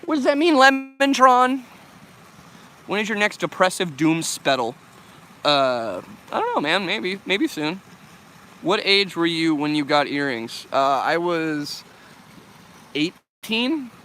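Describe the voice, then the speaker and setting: A young American man chatting casually on a live stream, reading chat questions while walking outdoors by a loud river. He swears a lot and laughs easily. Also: fairly high pitch, animated, slow pace, a little hiss or hum. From United States. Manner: laid-back, swears often, laughs a lot. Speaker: vlogger answering live chat.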